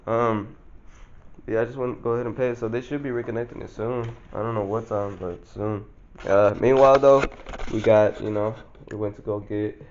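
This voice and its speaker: A young man chats laid-back into a phone camera, his voice sitting on the low side. He talks in a loose, profane street slang. The sound is dull and lo-fi, with a faint hiss behind it. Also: a little mellow. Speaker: vlogger. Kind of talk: casual vlog chat.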